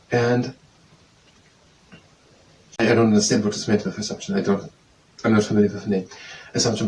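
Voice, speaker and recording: A man's voice: medium pitch, a little mellow. Man thinking aloud while memorizing, repeats himself, distant mic, faint hiss behind. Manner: repetitive self-quizzing, hesitant restarts.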